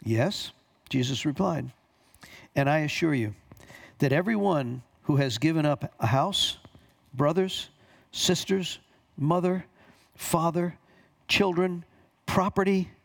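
A male pastor delivers a sermon in a slightly higher-than-usual voice. He reads scripture passages aloud and pauses to comment, repeating key phrases for emphasis. His pitch jumps on quoted lines. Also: vocal fry.

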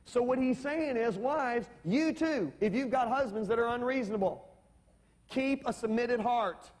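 A man's voice: very high voice, measured pace, a little mellow. A man preaching a sermon, emphatic and calling on the congregation for amens. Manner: emphatic, calls for amens and audience responses. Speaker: pastor. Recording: long reverb of a large hall.

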